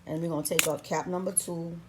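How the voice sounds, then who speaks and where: A woman's voice: on the low side, steady tone, fast talker, a little mellow, a little hiss or hum. A woman talking through a how-to vlog in a playful, sassy, chatty way, recording herself at home on a camera stand. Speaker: vlogger.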